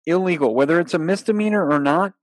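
A man in casual conversation, telling a story with lively acted-out quotes and frequent laughter. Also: fairly high pitch, fast, no echo. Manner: animated storyteller acting out quotes, laughing often. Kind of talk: casual chat.

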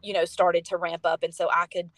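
A young woman telling a personal story as a podcast guest, chatty and animated with lots of fillers. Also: on the low side, brisk, no echo. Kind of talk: casual storytelling.

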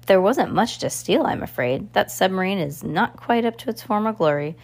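A woman's voice: medium pitch, expressive, normal speed, darkish tone. A woman voicing a vain, scheming society villainess in a storybook reading, with a purring, haughty manner.

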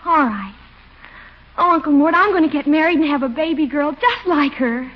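A woman's voice: high-pitched, lively intonation, normal speed. An actress playing an eager, dreamy teenage niece in a 1940s radio comedy, with a sweet, girlish voice. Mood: doting. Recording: dull 1940s radio recording.

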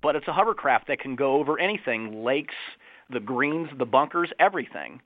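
A man's voice: medium pitch, lively intonation, a little fast, no room sound. Man, golf club manager, eager, chatty, phone interview guest, tinny telephone sound, dry. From Ohio. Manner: eager, chatty, with filler phrases.

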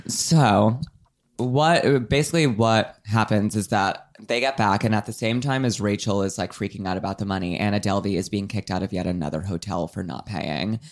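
A man retelling a story in casual chat, animated and swearing freely, slipping into other people's voices for quotes. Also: lowish voice, normal speed.

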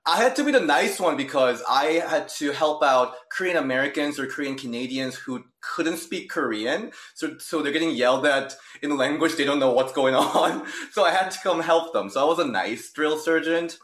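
A man's voice: on the high side, lively intonation, moderate pace, hardly any pauses, fairly bright tone, reverberant. A man guest in a casual interview who tells stories in an upbeat way and laughs often. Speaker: guest, wrestling channel host.

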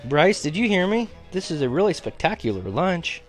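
A man putting on a high, sneering teen girl. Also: big pitch swings, moderate pace, soft background music. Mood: sweetly insistent. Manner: sneering, mocking.

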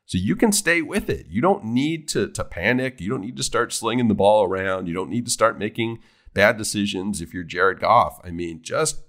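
A man's voice: on the low side, expressive, normal speed, fairly bright tone. A man co-hosting a casual sports talk show, rambling and restarting his sentences as he talks. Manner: rambling, many restarts and repeated words. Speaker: sports podcast co-host.

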